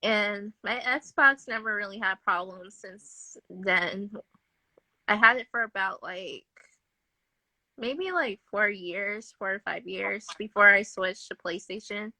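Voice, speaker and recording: A woman's voice: mid-range voice, slow, sharp tone, no room sound. A woman talking as a guest about games she is building, in a casual podcast chat over a live video call, laughing often between remarks. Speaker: guest game developer. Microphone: phone or webcam mic on a live stream.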